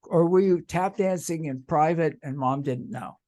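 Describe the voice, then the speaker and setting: An older man hosting an interview show, telling rambling anecdotes in a casual chat with a husky voice. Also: a little high, moderate pace, dark tone. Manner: rambling anecdotal storytelling with restarts. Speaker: radio talk show host.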